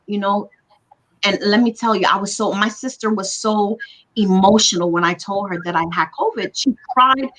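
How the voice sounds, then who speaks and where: A woman's voice: medium pitch, moderate pace, bright, forceful tone, poor audio. A woman telling her own story as a livestream guest, earnest and emotional, repeating words for emphasis over a video call. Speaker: guest recounting her illness.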